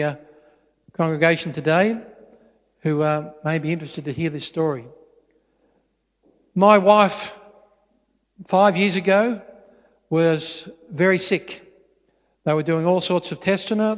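A middle-aged Australian man giving a storytelling witness talk in a church, animated and full of restarts. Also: a little high. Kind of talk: storytelling sermon. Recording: long church reverb.

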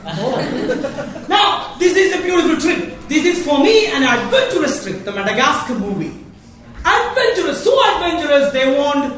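A woman giving a Catholic faith workshop talk, animated and laughing often as she speaks. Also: sits high. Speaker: workshop presenter. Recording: echoey hall, voice from far off, faint noise.

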